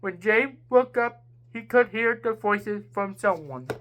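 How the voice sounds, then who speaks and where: Slow, halting woman storyteller. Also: mid-range voice, animated, muffled recording. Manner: halting, with slips and restarts. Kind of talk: homemade story narration.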